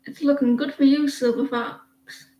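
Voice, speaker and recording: A woman's voice: high voice, fairly even intonation, a little slow, warm tone, low-quality recording. A woman giving a casual livestream tarot reading, rambling and chatty as she talks to viewers by name. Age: adult with a daughter. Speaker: tarot reader.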